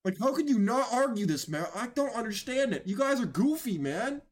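A man's voice: very high-pitched, very animated, fairly quick, raised voice, over a noisy crowd. A man giving mocking, incredulous reaction commentary on videos, often emphatic and raising his voice.

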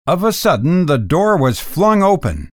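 Slow, expressive male story narrator. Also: a little high, dry recording, studio quality.

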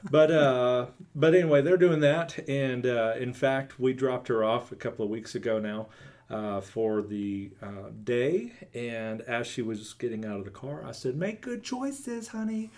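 A man's voice: mid-range voice, a little slow, a little mellow. A man in his thirties, a pastor co-hosting a podcast, chatting casually with dry teasing humor. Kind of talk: casual chat.

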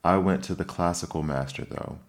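A gruff, impatient male Griffin, as a male narrator puts him on in a storybook reading. He snaps and scolds in short bursts, raised and louder over a deep base voice. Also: brisk, lightly acted. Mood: brusque. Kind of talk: audiobook character reading.

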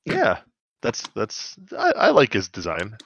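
Bright-voiced joking man on a dull mic. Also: on the low side, unhurried, vocal fry, breathy edge, dry recording. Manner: joking, animated, many fillers. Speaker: podcast co-host. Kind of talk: casual chat.

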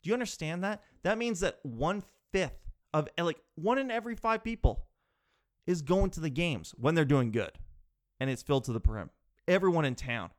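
A man talking in a rambling, animated way, asking himself rhetorical questions and swearing casually. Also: on the high side, moderate pace. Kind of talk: casual chat.

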